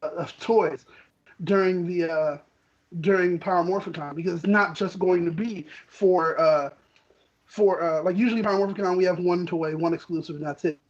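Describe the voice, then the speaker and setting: A man's voice: high-pitched, fairly even intonation, normal speed, muffled recording. A man co-hosting a podcast, ranting with indignation about industry gatekeepers. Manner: heated, indignant, quotes people in voices. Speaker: co-host. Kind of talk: casual podcast rant.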